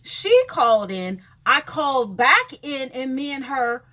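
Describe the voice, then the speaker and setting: A woman's voice: high voice, animated, unhurried, bright, forceful tone. A woman venting in a casual video rant, blunt and sassy, cursing freely and talking straight to people she calls out. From California. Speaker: vlogger.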